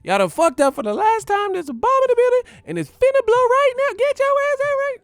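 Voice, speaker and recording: A man putting on a frantic, shrill male voice shrieking a bomb threat, high and loud. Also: lively intonation, a little fast, dry recording, clean studio sound, faint music behind. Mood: frantic shouting.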